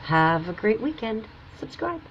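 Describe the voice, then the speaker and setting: A woman host telling a personal story in a chatty, animated way, acting out what people said. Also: fairly high pitch, measured pace, dull audio, a little hiss or hum. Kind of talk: casual storytelling monologue.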